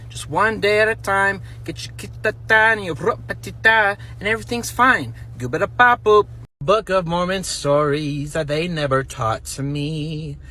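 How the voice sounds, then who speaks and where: Bright-voiced, quick-joking man from Utah. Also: high voice. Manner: quick, jokey delivery with nonsense words. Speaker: comedy sketch creator. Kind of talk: satirical sketch comedy.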